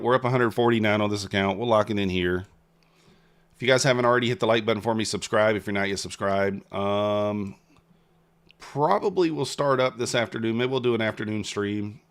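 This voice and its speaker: A man's voice: fairly low pitch, brisk, fairly bright tone, smooth. A man giving casual live commentary on his day trading, muttering at the market in frustration. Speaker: day trader streaming live.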